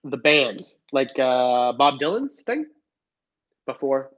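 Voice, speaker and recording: A young reptile channel host speaks slowly in a sing-song, medium-pitched voice, joking casually and responding to live chat by reading comments aloud. Everything comes through dull, lo-fi stream audio.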